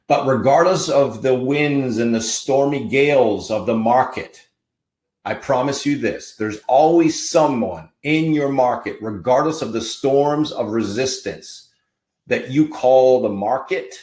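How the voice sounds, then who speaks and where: A man's voice: medium pitch, measured pace, darkish tone, reverberant. A man hosting a podcast as a marketing coach, giving a fiery, preachy motivational talk full of punchy repeated slogans.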